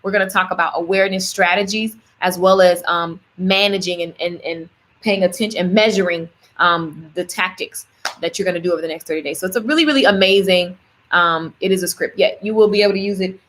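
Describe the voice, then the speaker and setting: Chatty, animated woman coach. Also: on the low side, a little fast. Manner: animated, chatty, addresses viewers directly. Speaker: business coach. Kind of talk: livestream coaching pitch.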